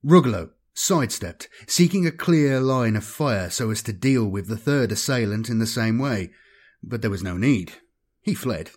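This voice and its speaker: A man giving a measured, dramatic scripted narration of a science-fiction audiobook. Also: mid-range voice, expressive, husky.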